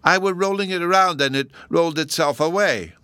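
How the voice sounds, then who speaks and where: A man voicing a small, solemn boy who lisps and speaks slowly. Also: on the high side, bright, forceful tone, clear, resonant tone, dry recording, studio quality, voice pushed up. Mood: solemn, childlike. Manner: childish lisp, slow and grave.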